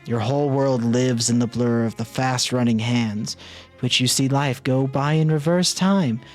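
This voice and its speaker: A man's voice: medium pitch, a little slow, darkish tone, faint music behind. A man streaming a game, reading its story text aloud as narration.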